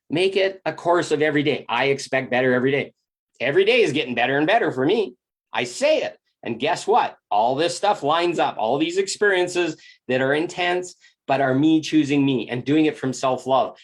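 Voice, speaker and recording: A man giving a reflective spiritual self-help monologue, candid and emphatic, swearing freely and often repeating words as he thinks aloud. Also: fairly high pitch.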